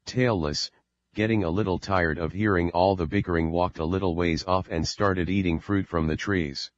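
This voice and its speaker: A man reads a novel aloud in a plain, steady way, his voice very deep. The recording is dry with no room sound and slightly muffled. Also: moderate pace, no echo. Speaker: audiobook narrator. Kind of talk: scripted narration.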